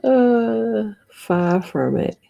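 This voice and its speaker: A woman hosting a casual livestream, chatting in a relaxed way and laughing often. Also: on the high side, very slow, creaky, highs cut off. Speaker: livestream host. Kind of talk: casual chat.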